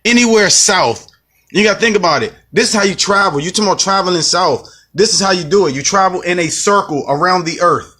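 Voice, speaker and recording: A man from the United States delivers a heated, profane vlog rant. His voice is bright and forceful, sitting a little high for a man. He circles back to the same points and repeats himself. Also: fast, few pauses, slightly rough. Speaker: vlogger. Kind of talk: ranting vlog monologue.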